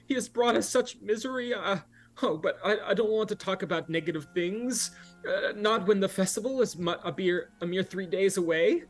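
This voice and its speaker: A man's voice: expressive, moderate pace, soft background music. A man voicing a gushing, devout middle-aged woman hostess who talks in flustered, apologetic bursts. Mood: fearful. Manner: fluttery, apologetic, rising into high exclaims.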